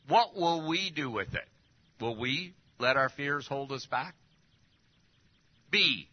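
A man preaching a sermon, full of rhetorical questions and swinging between loud and hushed. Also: fairly high pitch. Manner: lively, rhetorical questions, drops to near-whispers. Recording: dull lo-fi recording.

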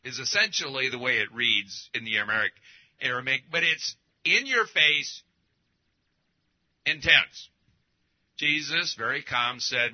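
Animated preacher man, lo-fi sound. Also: mid-range voice, a little slow, long pauses. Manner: emphatic, lively preaching with rhetorical questions. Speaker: pastor. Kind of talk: sermon.

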